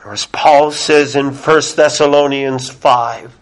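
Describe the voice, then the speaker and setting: A man's voice: mid-range voice, steady tone, slow. A man preaching a sermon in an earnest, emphatic way, often asking his listeners rhetorical questions. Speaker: pastor.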